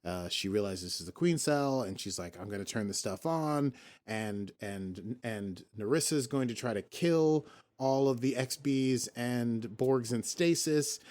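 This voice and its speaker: A man's voice: mid-range voice, a little slow, darkish tone. A man hosting a podcast in casual chat, rambling and jokey, often breaking off and restarting his sentences. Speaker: podcast host.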